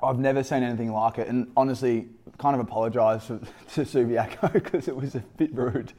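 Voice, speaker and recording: A man's voice: mid-range voice, steady tone, a little fast, warm tone. An Australian man, a former footballer, who hosts a podcast and interviews his old teammate in a chatty, matey way. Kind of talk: casual interview chat.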